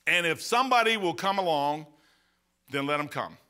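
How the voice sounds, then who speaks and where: Midwestern American male pastor, mid-high bright voice, folksy and emphatic, preaching with rhetorical questions. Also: lively intonation, moderate pace, smooth. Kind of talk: sermon.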